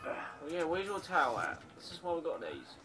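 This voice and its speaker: A young man, chatting and swearing excitably while playing a zombie game with a friend. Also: fairly high pitch, normal speed, over music. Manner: excitable, swearing, jokey banter. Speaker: gaming commentator. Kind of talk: casual let's-play chat. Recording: game audio and gunfire behind.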